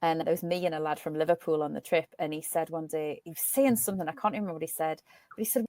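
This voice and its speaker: Woman, Northumbrian accent, low-ish voice, emphatic, podcast guest, dry close sound. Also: quick pace, darkish tone, dry recording. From Northumberland, North East England. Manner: passionate, emphatic storytelling. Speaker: interview guest. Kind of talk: casual podcast conversation.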